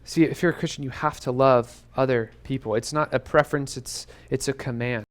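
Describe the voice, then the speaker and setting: Speaking in a mid-range voice with fairly even intonation and a slightly quick pace, this young man is a youth pastor preaching to students in a church youth room. He sounds earnest and urgent and keeps repeating rhetorical questions.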